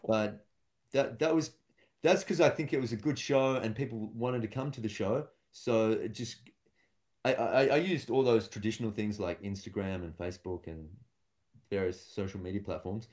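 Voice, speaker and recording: This young man's voice sits on the lower side with a slightly mellow quality, and he talks at a normal speed. He's a stand-up comedian in a relaxed podcast conversation, wandering through anecdotes and performing the quotes of the characters he describes.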